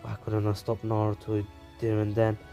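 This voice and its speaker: A man's voice: lowish voice, completely flat delivery, normal speed, warm tone, faint music behind, close to an everyday voice. A man voicing a stubborn, upset young female ninja in his own plain retelling voice.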